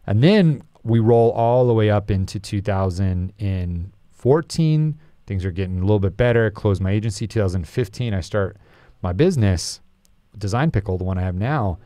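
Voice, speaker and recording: Man, podcast guest, confessional, halting, low voice, dry close sound. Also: lively intonation, mellow, no room sound. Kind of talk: candid personal story in an interview.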